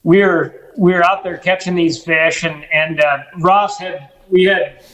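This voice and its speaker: A man telling stories as a podcast guest and fishing guide, animated and full of restarts. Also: fairly high pitch, a little slow, rough recording. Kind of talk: casual storytelling chat.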